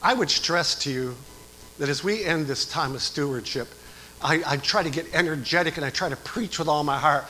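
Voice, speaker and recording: A middle-aged man preaching a sermon as pastor, swinging from quiet talk to shouted exhortation. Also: a little high, moderate pace, low-quality recording.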